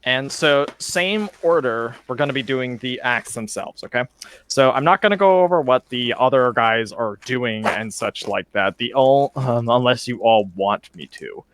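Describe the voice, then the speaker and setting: A man's voice: medium pitch, expressive, moderate pace, fairly bright tone, no echo. Rambling, casual male game master. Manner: casual and meandering, full of fillers and "such like that". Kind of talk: narrating a tabletop game over voice chat.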